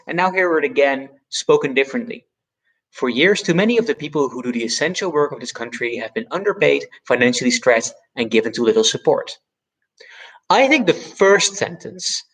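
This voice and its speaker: A man's voice: on the high side, a bit bright, rough recording. Man explaining speech techniques. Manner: explanatory, deliberately stresses key words. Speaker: debate educator. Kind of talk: instructional video analysis.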